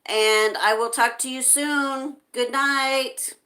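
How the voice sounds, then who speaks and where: Lady on a livestream chatting with viewers, slow and gentle, bright voice, lots of ums. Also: high voice, fairly even intonation. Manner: reads viewer comments aloud and answers them; gentle, with frequent hesitations. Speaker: livestream host. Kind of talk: casual livestream chat.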